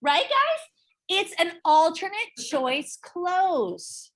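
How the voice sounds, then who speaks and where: A middle-aged woman teaching a live real estate sales class, animated and often checking in with her listeners. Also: very high voice, very slow. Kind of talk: live training talk to a class.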